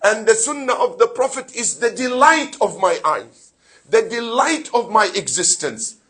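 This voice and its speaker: A man's voice: sits high, animated, a little slow, a bit bright. A man giving a sermon in a mosque, preaching fervently, asking his listeners rhetorical questions and reciting Arabic phrases from scripture. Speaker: sheikh giving a Muharram lecture.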